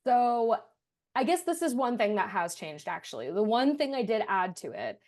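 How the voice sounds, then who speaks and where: A woman's voice: fairly high pitch, big pitch swings, normal speed, a little mellow. Young woman telling a self-deprecating story. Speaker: writer and creator of the musical. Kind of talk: casual podcast interview.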